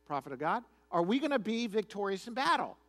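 A man's voice: high-pitched, sing-song, quick pace, fairly bright tone, full character voice. A preacher voicing a brash wicked old king. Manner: casual modern slang retelling. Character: wicked boastful ancient king, man.

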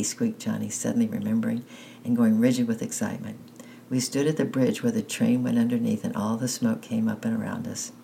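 A man narrating a children's story aloud, unhurried and plain. His voice is gravelly and dark. He makes small slips and restarts now and then. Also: lowish voice, level tone, a little hiss or hum, low-quality recording.

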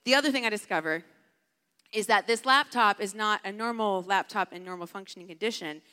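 A woman's voice: medium pitch, a little fast, bright, forceful tone, clear, resonant tone. Chatty woman preaching in a big hall. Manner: casual, chatty, heavy use of "like". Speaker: camp speaker. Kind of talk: storytelling sermon. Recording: long hall reverb.

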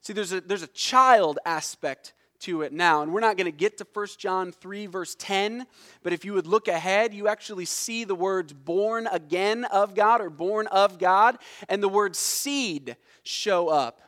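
A man preaching a sermon, explaining word meanings deliberately and emphatically, dropping low and soft on key words. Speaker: pastor.

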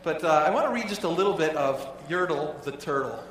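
A male pastor preaching a sermon to his congregation in a casual, halting way, often repeating words as he goes. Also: a little high, animated, fairly bright tone. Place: church sanctuary. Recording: echoey hall, voice from far off.

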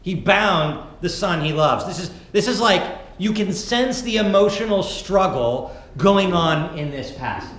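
A male pastor preaching a sermon and reading scripture dramatically, moving between loud calls and hushed narration. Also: high-pitched, expressive, unhurried, hardly any pauses. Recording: very echoey hall, faint background noise.

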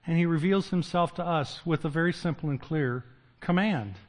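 An older male pastor with a fairly high voice delivers a sermon. He talks to his congregation conversationally, tosses in jokes, then climbs to loud emphatic peaks before dropping to a hushed near-whisper. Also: normal speed.

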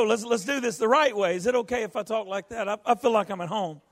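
A male pastor preaching a folksy sermon, rising to shouts. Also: high voice, quick pace.

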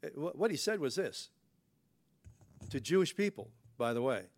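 A man's voice: a little high, very animated, moderate pace. A man preaching a conversational sermon as a pastor, folksy and full of rhetorical questions. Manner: folksy, rhetorical questions, frequent "you know" fillers.

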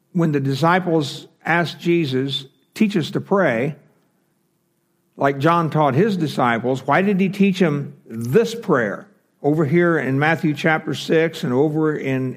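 A man's voice: fairly high pitch, slow. A man teaching a Bible class, explaining step by step with fillers and self-corrections.

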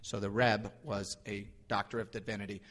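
A man preaching a sermon as a pastor, animated, rising for emphasis and slowing on key lines. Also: lowish voice. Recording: long hall reverb.

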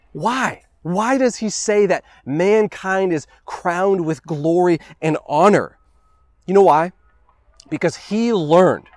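A man preaching a sermon earnestly, asking the listeners questions, repeating phrases and dropping to a hush on key words. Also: a little high, dry recording. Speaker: pastor.

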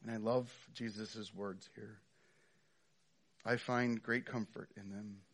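A man's voice: on the low side, level tone, takes it slowly, fairly bright tone. A middle-aged man preaching a sermon in a conversational way, with frequent fillers and restarts. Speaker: pastor.

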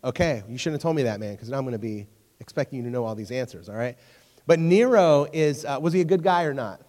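A young man giving a sermon as a youth pastor, telling stories in a joking, animated way and talking straight to his audience. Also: mid-range voice, fast talker. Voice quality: storytelling, jokey and animated, talks to crowd. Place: church hall. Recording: long hall reverb.

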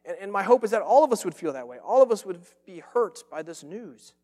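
A man's voice: high voice, big pitch swings, brisk, warm tone. Earnest preaching man in a reverberant hall. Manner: earnest, emphatic preaching with repeated phrases. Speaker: pastor. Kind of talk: sermon.

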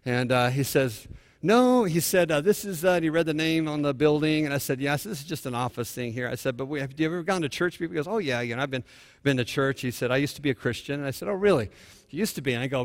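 A male pastor preaching a sermon, telling a story and moving between hushed and fervent delivery. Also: a little high, in a large hall.

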